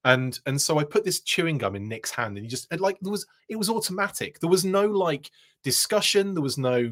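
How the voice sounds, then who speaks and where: A man's voice: fairly high pitch, a little fast. A man hosting a live show, telling a long, rambling anecdote with frequent laughs and restarts. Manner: rambling, animated, laughing often, many restarts. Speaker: host. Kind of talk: casual storytelling on a live show.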